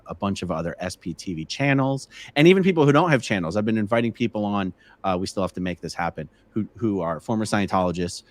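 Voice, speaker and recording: A man hosting a casual live stream, chatting and answering viewer questions from the chat. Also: on the low side. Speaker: livestream host.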